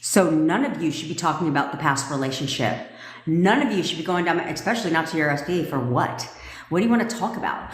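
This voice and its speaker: A lower-voiced woman gives brash, profane coaching straight at her listeners. She scolds and hammers her points home. The sound bounces around a room with a long, ringing tail. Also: lively intonation, brisk. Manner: brash, swearing, emphatic and scolding. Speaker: manifestation coach. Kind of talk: blunt, profane live-stream coaching rant. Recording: echoey room with long reverb.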